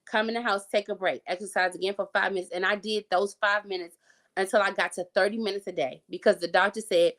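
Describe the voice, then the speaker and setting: A woman's voice: mid-range voice, steady tone, fast talker, fairly bright tone. Casting: young woman, conversational guest storyteller, loose and chatty, lots of ums and restarts. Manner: chatty, frequent fillers and restarts, occasional laughs. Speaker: guest sharing her health story. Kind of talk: casual interview storytelling.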